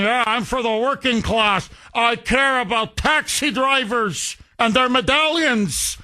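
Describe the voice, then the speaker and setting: A man with a notably high-pitched voice delivers a heated political talk radio monologue. He rants with scorn and emphasis, piling up insults and repeating himself for force. He sounds middle-aged and sure of his own views. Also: fairly bright tone. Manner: combative, scornful, emphatic ranting. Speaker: radio talk show host.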